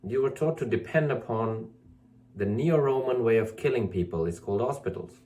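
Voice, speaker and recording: At a moderate pace and with a warm tone, a male spiritual teacher scolds his audience in a preachy monologue to camera. He keeps circling back to the same points and mocks others' excuses with a high, whiny impression.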